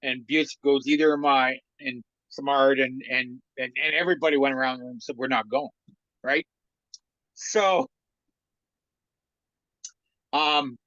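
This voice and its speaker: A man's voice: on the high side, no room sound. A man in his sixties, a former hockey trainer turned comedian, telling a long anecdote as an interview guest and acting out the quoted lines of the people in it. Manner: lively yarn-spinner who acts out other people's quoted lines. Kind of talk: anecdotal storytelling in a podcast interview. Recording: dry, slightly muffled sound.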